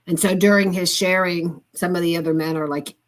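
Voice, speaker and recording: An older woman with a somewhat low voice speaks as a guest on a talk show. She tells her story in an earnest, heartfelt way and keeps it conversational. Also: fairly even intonation, fairly quick. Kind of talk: casual conversation.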